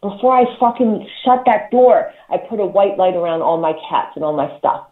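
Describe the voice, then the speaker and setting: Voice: mid-range voice, expressive, moderate pace. A talk show host giving casual spiritual advice, emphatic and profane, repeating words and laughing between points. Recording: echoey, tinny phone-like line.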